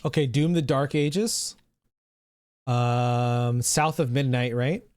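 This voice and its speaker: A man's voice: mid-range voice, slow pace, a little mellow, clear, resonant tone, no room sound. Rambling male streamer, dry close sound. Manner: rambling, swears freely, reads out chat. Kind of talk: casual live-stream reaction chat.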